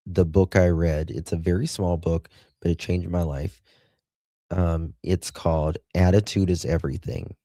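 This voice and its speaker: A man's voice: low-pitched, mellow, no echo. A middle-aged man with a Southern accent hosting a casual livestream, chatting with viewers and calling them honey and darling. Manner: chatty, reads viewers' chat aloud with endearments. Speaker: livestream host.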